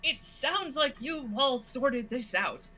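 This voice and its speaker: A woman guest on a game stream, chatting casually in an animated, giggly way. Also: high-pitched, takes it slowly, a little hiss or hum. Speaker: guest voice actor. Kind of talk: casual chat.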